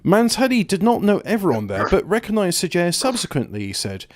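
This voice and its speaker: A man's voice: high voice, wildly swooping pitch, brisk. A man hosting a casual podcast, reading a news article aloud between jokes and asides. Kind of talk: casual chat.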